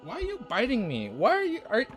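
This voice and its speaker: A man's voice: very high-pitched, wildly swooping pitch, a little fast, soft background music. A young man streamer rambling casually through his outro from the floor at home, often breaking into playful baby talk with his dog. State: low energy.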